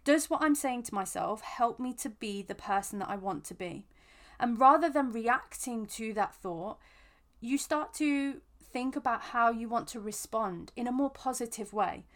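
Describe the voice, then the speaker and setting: A woman with a slightly raised pitch talks through a self-help episode as the podcast host. She speaks gently and earnestly, often restarting or repeating words as she thinks aloud. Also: moderate pace. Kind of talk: reflective self-help talk.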